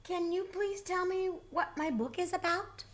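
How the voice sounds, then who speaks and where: A woman's voice: extremely high pitch, measured pace, pitched above the performer's own voice. A woman doing a nervous, fussy storybook bear. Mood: anxious. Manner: anxious, excitable. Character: timid, fussy young male bear.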